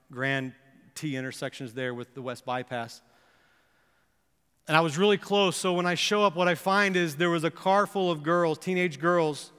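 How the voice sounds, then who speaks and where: Man, pastor, sermon, earnest storytelling, impassioned pleas, high-pitched, reverberant church hall. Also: sharp tone, clear, resonant tone. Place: church sanctuary.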